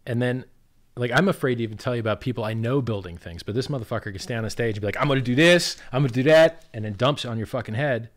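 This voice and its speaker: A man in a loose, profane conversational rant, his voice jumping between loud exasperated bursts and low, grumbling asides. He mimics others sarcastically and swears in nearly every sentence. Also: racing. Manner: swears constantly, loud outbursts and sarcastic quotes. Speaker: crypto project founder, guest. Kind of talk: profane animated ranting in casual chat.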